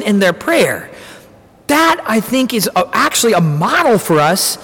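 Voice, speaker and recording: A man preaching a relaxed, conversational homily, his voice sitting high and swooping widely as he acts out Scripture lines. The sound carries a long reverb, like a church. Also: unhurried, husky. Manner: animated, dramatizes Scripture lines. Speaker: Catholic preacher.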